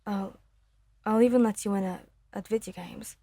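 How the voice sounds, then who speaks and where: An earnest, guilt-ridden young man, apologizing in anxious rushes, as a woman voices him. The voice is soft, mellow and a little breathy, recorded close and dry. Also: mid-range voice, fairly even intonation, no echo. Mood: apologetic.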